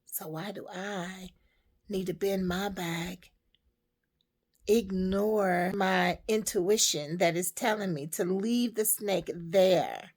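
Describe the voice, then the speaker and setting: A woman telling a parable and giving life advice to women in a slow, emphatic, preaching way. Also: medium pitch, steady tone, a little mellow. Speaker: storyteller and motivational speaker.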